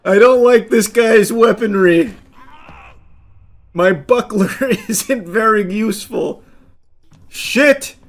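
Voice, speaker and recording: A man giving live gameplay commentary, excitable, yelling, cursing and laughing in bursts. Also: sits high, slow, pauses often. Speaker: gaming commentator.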